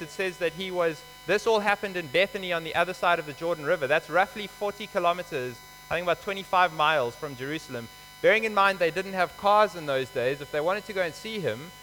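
A man's voice: on the high side, pushed and bright. A man preaching a sermon, explaining scripture in a conversational, emphatic way. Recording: hall reverb with faint mains hum.

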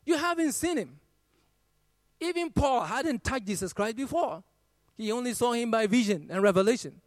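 A man with a high voice preaches a sermon. He quotes scripture in a swelling, half-sung cadence. The sound is dry and close, with no room echo. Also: expressive, normal speed, pauses often.

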